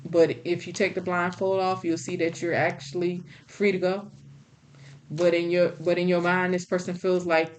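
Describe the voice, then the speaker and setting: A woman's voice: on the low side, little pitch movement, moderate pace, slight background noise. A woman giving a spiritual tarot reading in a blunt, folksy, scolding way. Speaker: tarot reader.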